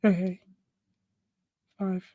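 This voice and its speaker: A woman's voice: mid-range voice, little pitch movement, extremely slow, warm tone, no room sound. A woman hosting a casual art livestream, chatting, laughing often and thinking aloud. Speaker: art channel host.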